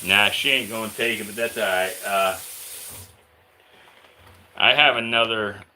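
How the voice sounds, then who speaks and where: A man casually chatting on a live stream while handling and feeding his snakes, reading out viewer questions in a relaxed drawl. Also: lowish voice, measured pace, slight background noise, rough recording. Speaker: reptile keeper streaming live.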